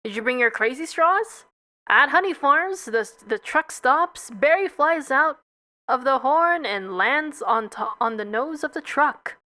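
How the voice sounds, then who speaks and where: Young woman narrator, casual read-through, bright high voice, stumbles on words. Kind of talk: playful script read-through.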